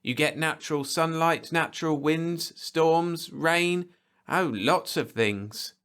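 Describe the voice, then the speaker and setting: A man reading a storybook aloud, voicing a proud, fiery young frontier woman who talks in a sharp, lecturing way. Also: a little high, takes it slowly, smooth, pitched above the performer's own voice. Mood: brisk, practical.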